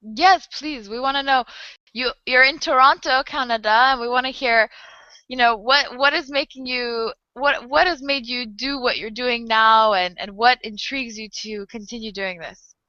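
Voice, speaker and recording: A woman's voice: on the high side, moderate pace, sharp tone, dry recording, muffled recording. A woman hosting an interview, introducing her guest and asking questions in an upbeat, chatty way. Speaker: host.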